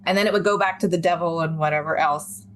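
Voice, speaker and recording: As a guest in an interview, a woman candidly and vividly retells her survival story, letting out nervous laughs. She speaks quickly in a lowish voice with fairly even intonation, and there's slight background noise.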